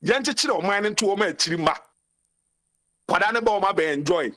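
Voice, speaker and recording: A Ghanaian-accented man speaks in a notably high register, calling in to a talk show. His delivery is impassioned and ranting, and he hammers his points home by repeating phrases. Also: expressive, brisk, fairly bright tone. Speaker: caller. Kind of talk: call-in commentary mixing Twi and English.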